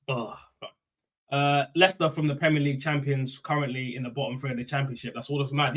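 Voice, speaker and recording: A young man hosting a casual fan live stream, reading chat and giving shout-outs in loose slang. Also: mid-range voice, fairly even intonation, fast talker.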